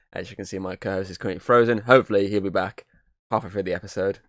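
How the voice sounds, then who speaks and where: A man's voice: sits low, fairly even intonation, fast talker, a bit bright, no room sound. A man hosting a casual podcast over a video call, rambling, swearing and laughing as he talks. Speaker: podcast host.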